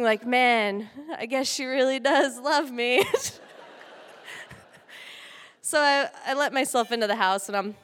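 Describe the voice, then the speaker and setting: A woman telling a personal story with lively delivery, vocal sound effects and bursts of laughter. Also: fairly high pitch, clean tone. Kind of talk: personal story told live. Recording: long hall reverb.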